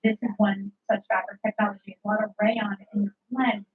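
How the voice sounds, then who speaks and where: A woman's voice: mid-range voice, flat delivery, a little fast, husky. Gushing woman selling clothes, dull TV sound. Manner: gushing, descriptive. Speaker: shopping channel presenter. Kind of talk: sales pitch.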